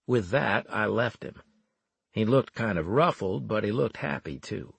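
Husky, lively male audiobook narrator. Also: lowish voice, measured pace, no echo. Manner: wry, animated storytelling. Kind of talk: first-person audiobook narration.

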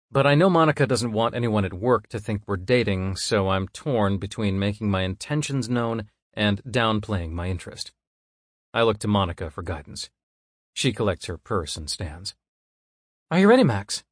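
Male audiobook narrator, measured and even, low pitch, dry booth. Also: no room sound. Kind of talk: first-person scripted narration.

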